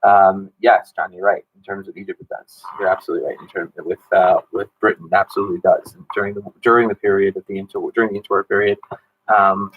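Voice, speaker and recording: Male teacher, 30s, lowish dry voice; casual, chatty, lots of ums. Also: little pitch movement, quick pace, no room sound, narrow, tinny audio. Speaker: history teacher. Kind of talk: casual exam review Q&A.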